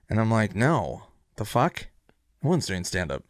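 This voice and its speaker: Deadpan man telling a low-key anecdote. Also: normal speed, no room sound, studio quality. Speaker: comedian. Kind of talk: anecdote told in casual chat.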